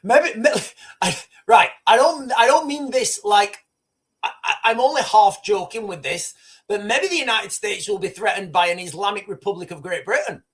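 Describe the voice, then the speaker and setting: A man hosting a live news commentary stream, rambling and excitable with many restarts, boastful and opinionated. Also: high-pitched, moderate pace. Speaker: livestream host.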